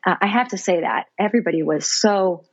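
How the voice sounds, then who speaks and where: Husky-voiced woman telling a story. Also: on the low side, brisk, no room sound, muffled recording. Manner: animated, laughs often, fillers like "like". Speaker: podcast guest. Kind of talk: personal storytelling.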